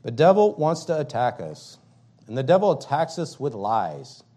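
A pastor preaching a fiery sermon, emphatic and repetitive, swinging between loud declarations and quiet, low passages. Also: male voice, wildly swooping pitch, moderate pace.

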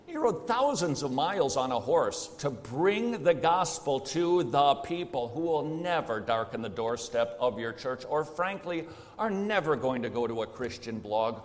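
A man's voice: medium pitch, big pitch swings, unhurried, hardly any pauses. A man preaching a sermon, emphatic and plain-spoken, firing off rhetorical questions. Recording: long hall reverb.

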